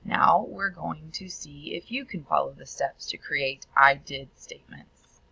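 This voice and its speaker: A woman teaching Spanish in a recorded video tutorial, explaining each step clearly and sounding out the Spanish words. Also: sits low, a little slow, pushed and bright, dry recording, rough recording.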